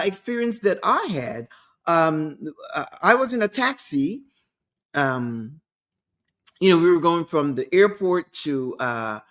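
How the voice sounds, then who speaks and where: A woman hosting a talk show, giving an emphatic motivational monologue and repeating her key points. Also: lowish voice.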